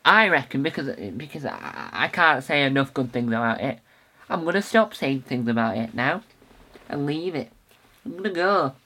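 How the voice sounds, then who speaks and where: A man's voice: mid-range voice, expressive, normal speed, sharp tone. A young man hosting his own podcast, talking casually and enthusiastically, rambling with many fillers and restarts. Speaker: podcast host. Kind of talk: casual solo podcast talk.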